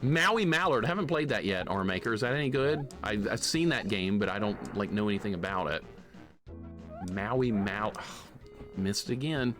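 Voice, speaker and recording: Excitable, mock-grumpy man streaming a game. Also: medium pitch, moderate pace, soft background music. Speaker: live-streamer playing a retro game. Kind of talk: casual live-stream commentary.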